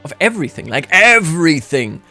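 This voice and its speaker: A man's voice: fairly high pitch, big pitch swings, fairly quick, bright, forceful tone, soft background music. A man giving sarcastic, jokey let's-play commentary on a strategy game, often laughing at his own remarks. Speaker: gaming YouTuber.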